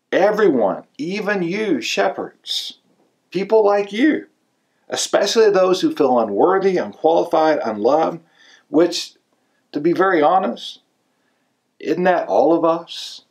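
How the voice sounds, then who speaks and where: A man's voice: medium pitch, darkish tone. A male pastor preaching a sermon in a conversational way, pushing his voice up to stress key words.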